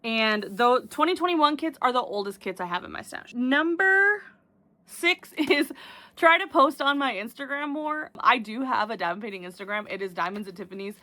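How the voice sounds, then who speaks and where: A woman's voice: a little high, fairly quick, few pauses, bright, forceful tone. A young woman chatting casually to camera about her crafting goals, rambling with restarts and fillers. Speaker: diamond painting vlogger.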